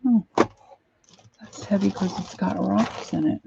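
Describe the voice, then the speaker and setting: Woman crafter, unhurried rambling talk, slightly dull home recording. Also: mid-range voice, creaky, noisy background. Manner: rambling, talks to herself while rummaging. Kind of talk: casual crafting chat.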